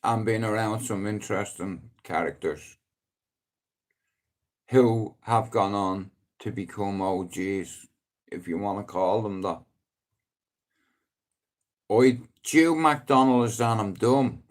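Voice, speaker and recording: Middle-aged Dublin man, unhurried drawl, casual live-stream rambling, swearing, sudden loud outbursts. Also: on the low side. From Ireland.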